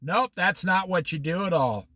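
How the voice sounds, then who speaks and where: A man teaching a casual Bible study, animated and folksy, laughing at his own stories. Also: sits high, normal speed, no echo.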